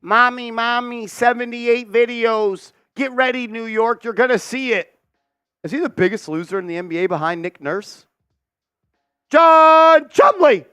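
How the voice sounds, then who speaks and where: A man with a high voice calls a basketball game play-by-play for a fan watch party. He is excitable, profane and mocking. The sound is dry and close, with no room around it. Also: smooth, no room sound.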